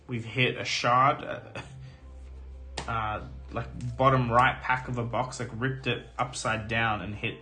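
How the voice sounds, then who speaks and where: A man streaming live as he opens trading card packs, talking casually with lots of fillers and getting excited about his pulls, his voice a little hoarse. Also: medium pitch, slow. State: slightly hoarse. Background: music.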